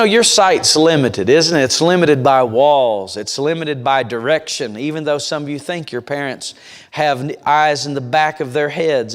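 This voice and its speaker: A man preaching a revival sermon in a church. He speaks to the congregation directly and tells stories with emphasis. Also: mid-range voice. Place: church sanctuary. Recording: long church reverb.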